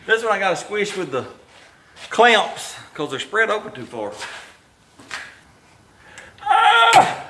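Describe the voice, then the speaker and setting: A man's voice: sits high, big pitch swings, moderate pace, heavy background noise. A man hosting a casual garage vlog, rambling in a folksy, self-deprecating way and a little out of breath. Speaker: garage channel host. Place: home garage.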